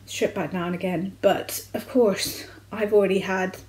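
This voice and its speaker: A young adult woman vlogger, from the United Kingdom, recounting a personal medical experience in a candid, halting way with frequent restarts. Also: medium pitch, fairly even intonation, a little mellow, low-quality recording. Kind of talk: personal storytelling vlog.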